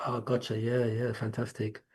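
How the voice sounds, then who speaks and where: A man's voice: medium pitch, completely flat delivery, moderate pace, a little mellow. Chatty Englishman hosting a live class. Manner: chatty, rambling, laughs easily. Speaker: class host. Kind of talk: casual live class talk.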